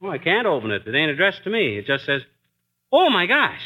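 A man's voice: fairly high pitch, wildly swooping pitch, a little fast, bright, forceful tone, exaggerated voice, rough recording. An actor playing a brash, boastful middle-aged husband in a 1940s radio comedy, laughing at his own jokes. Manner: brash, laughs at own jokes, puts on a fake British accent.

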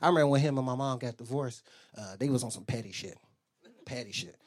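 A man doing a stand-up comedy set, animated and profane, jumping into high squeaky voices when he quotes people. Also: quick pace. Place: comedy club stage. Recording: roomy club sound with a laughing crowd.

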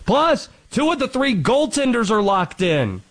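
A man hosting a sports show, delivering a lively commentary monologue and quickly rattling off statistics. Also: very high-pitched, rough recording. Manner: animated, quick rattling off of stats.

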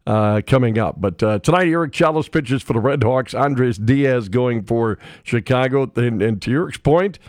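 A man's voice: mid-range voice, normal speed, hardly any pauses, a little mellow, no echo. Folksy sports radio guy, rattling off scores, dry studio sound. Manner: folksy, chatty, reads scores with asides. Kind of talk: casual sports radio chat.

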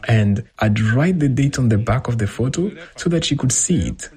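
A man with a husky voice reading a translated first-person account as a voice-over, in a lively storytelling manner. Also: mid-range voice, normal speed. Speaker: voice-over interpreter.

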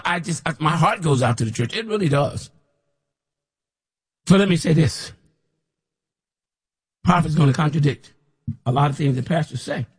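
A man with a slightly high, husky voice delivers an impassioned sermon, speaking as a prophet. He hammers his points with repetition and swings into loud mocking imitations of his listeners. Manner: preachy, repetitive, rises to shouts when mimicking others. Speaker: self-styled prophet preacher.

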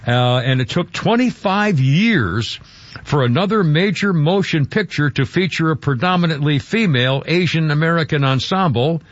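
A man hosting a radio talk show, rambling and chuckling through casual chat. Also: mid-range voice. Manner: rambling, chuckling, self-interrupting. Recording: dull radio broadcast sound.

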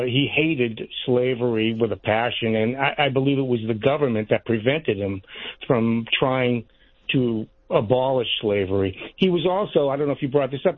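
A man's voice: medium pitch, dry recording. A male caller on a tinny, dry phone line, telling the guest what he knows. He speaks eagerly and hesitantly, with a lot of ums. The sound is thin and close. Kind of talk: call-in radio.

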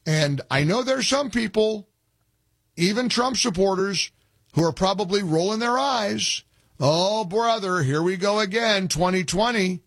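A male talk radio host with a husky, somewhat high voice, recorded dry and close. He talks in a combative, sarcastic way, firing off questions and jabs at opponents. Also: no echo. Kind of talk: opinionated call-in talk radio.

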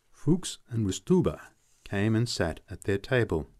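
A man reading short stories aloud in a measured storytelling manner. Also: no echo, studio quality. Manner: measured storytelling, lively pitch. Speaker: reader. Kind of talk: audiobook narration.

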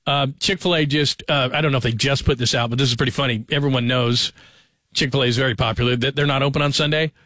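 A man's voice: medium pitch, fairly even intonation, fast, bright, forceful tone, no echo. A man in his forties hosting a sports radio show from a studio microphone, chatting casually and rambling through stories with plenty of fillers. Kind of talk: casual talk radio chat.

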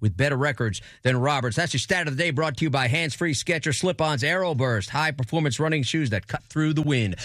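A man hosting sports radio, asking questions and reading stats and promos briskly. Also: a little high, fairly bright tone, no room sound, studio quality. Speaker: radio host.

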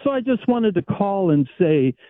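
A man calling into a sports radio show, speaking in a wry, deliberate way. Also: high-pitched, sing-song, no echo. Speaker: caller. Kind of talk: phone-in call. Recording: tinny phone line.

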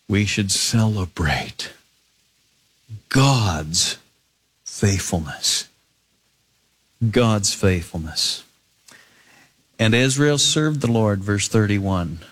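Male preacher, expository sermon, emphatic and earnest. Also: mid-range voice. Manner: reads scripture then comments with emphatic rises. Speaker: pastor.

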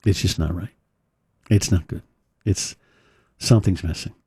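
Man putting on a gruff, insistent bandleader, low and husky, dry sound. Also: measured pace, warm tone, no room sound, full character voice. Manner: insistent, repeating himself. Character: exasperated male bandleader demanding a fix.

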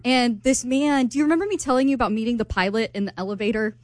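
A woman's voice: fairly high pitch, fairly even intonation, fast, dry recording. A woman in her late twenties, a regular on a morning radio show, telling a personal story in a chatty, laughing way. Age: 20s.

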